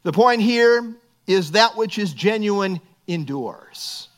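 A man's voice: high-pitched, lively intonation, takes it slowly. A middle-aged man preaching a sermon as pastor, earnest and building to emphatic bursts.

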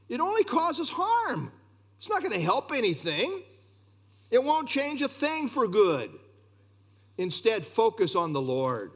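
A man preaching a sermon, expressive and talking straight to his congregation with asides. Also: high-pitched. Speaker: pastor.

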